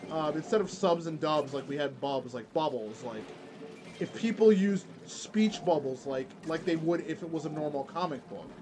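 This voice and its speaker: A man's voice: fairly high pitch, darkish tone, a little hiss or hum. A man streaming and chatting casually while he plays a game, rambling with lots of fillers and restarts. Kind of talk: casual chat while gaming.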